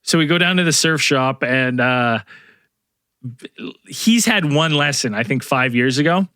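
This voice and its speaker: A man's voice: medium pitch, a little slow, pushed and bright, clean tone, no echo, studio quality. A middle-aged man, a podcast host, telling a rambling story to co-hosts with many fillers and restarts. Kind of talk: casual storytelling among co-hosts.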